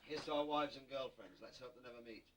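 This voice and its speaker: Speaking quickly in a mid-range voice, a middle-aged comedian from Yorkshire, England, works a party crowd in a hotel function room. His style is conversational, and he laughs along at his own punchlines. The recording is distant and noisy, full of room chatter and audience laughter.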